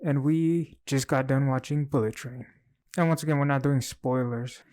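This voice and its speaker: A man co-hosting a casual movie review chat, giving his opinions in a relaxed, rambling way. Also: medium pitch, normal speed.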